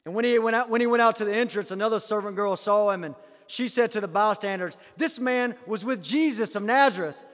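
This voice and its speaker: High-voiced man preaching in a reverberant hall. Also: brisk. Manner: dramatic, acts out quoted lines, swings from loud to hushed. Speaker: pastor. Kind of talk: sermon.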